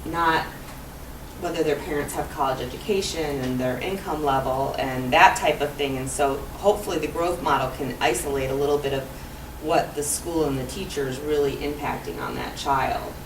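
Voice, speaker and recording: A woman speaking on an education roundtable panel, conversational and measured. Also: low voice, fairly even intonation. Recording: distant roomy mic with background noise.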